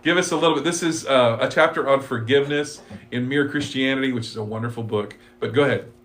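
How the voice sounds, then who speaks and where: A man's voice: mid-range voice, fast, fairly bright tone. A man teaching a church Bible class, talking conversationally and reading scripture and quotes aloud. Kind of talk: casual Bible study discussion.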